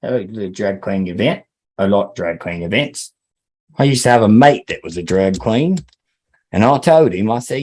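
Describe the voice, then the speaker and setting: A man's voice: fairly low pitch, lively intonation, moderate pace, a little mellow. Rambling, profane podcast co-host guy. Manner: rambling, profane, filler-heavy. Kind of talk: casual podcast chat.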